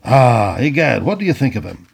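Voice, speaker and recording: A man voicing a blustering, excitable older Tory planter in an audiobook reading. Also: mid-range voice, normal speed, vocal fry, breathy edge, exaggerated voice. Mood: hearty. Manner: excitable, hearty, stammering when flustered.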